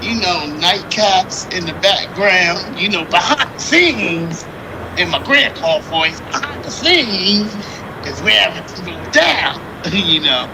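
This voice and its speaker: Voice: mid-range voice, expressive, measured pace, background noise. A co-host in a casual chat, asking playful, teasing questions.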